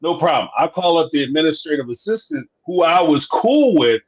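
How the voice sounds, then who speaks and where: Animated man telling office stories, lo-fi. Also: a little high, a little fast, hardly any pauses. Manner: animated storyteller, acts out dialogue, laughs often. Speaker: host of a live reality TV review show. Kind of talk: casual live-stream chat. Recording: slightly dull lo-fi sound.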